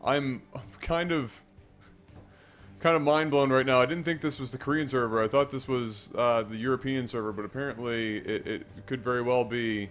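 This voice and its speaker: A man's voice: medium pitch, fairly even intonation, moderate pace, a bit bright, faint music behind. Joking man casting a video game. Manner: chatty, joking, crude. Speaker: game commentator. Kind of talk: casual gaming commentary.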